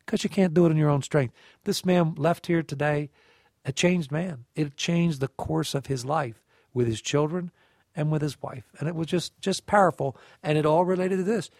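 A man co-hosting a scripture reflection, telling a personal story in a lively way and acting out the dialogue. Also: fairly high pitch, no room sound, clean studio sound. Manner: animated storyteller, acts out dialogue. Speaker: co-host of a scripture reflection show. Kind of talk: conversational faith reflection.

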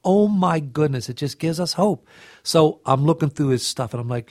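A man's voice: fairly high pitch, expressive, moderate pace, a little mellow, no echo, studio quality. A middle-aged man sharing an earnest, heartfelt devotional reflection and often restarting his phrases. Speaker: co-host of a faith reflection show.

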